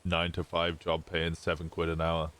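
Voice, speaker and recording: A man's voice: sits low, completely flat delivery, normal speed, a bit bright. A man streaming a roleplay game, chatting casually in character and laughing through his own stories. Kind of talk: casual in-character chat and storytelling.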